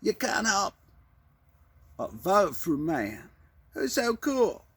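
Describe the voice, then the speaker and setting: A man putting on the voice of a folksy, smooth-talking older male politician with a slow, relaxed drawl. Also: sits high, no echo, pitched above the performer's own voice, full character voice. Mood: smug.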